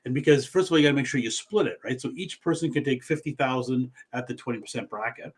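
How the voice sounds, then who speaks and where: A man's voice: medium pitch, fast, slightly rough. A middle-aged financial planner from Canada explaining things casually, often restarting his sentences.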